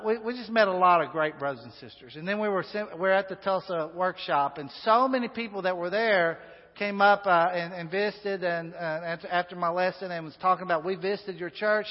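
A man preaching a sermon in a church, folksy and chatty, with asides and fillers. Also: high-pitched. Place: church sanctuary. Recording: dull sound with long hall reverb.

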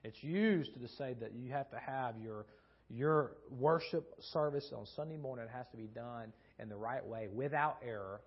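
A man with a somewhat husky voice preaches in a loose, conversational way, stumbling over restarts and doubling back on his words. He often turns to his listeners with questions. The recording sounds dull and lo-fi. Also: mid-range voice, moderate pace. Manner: rambling, frequent restarts and repeated words; asks the audience questions. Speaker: preacher teaching a Bible class. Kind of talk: conversational sermon with storytelling.

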